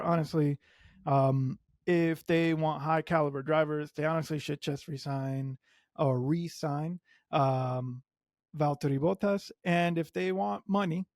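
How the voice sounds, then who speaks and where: A man hosting a solo motorsport podcast, a native Spanish speaker talking in English, animated and emphatic with strong opinions. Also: fairly high pitch, no echo, clean studio sound. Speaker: podcast host.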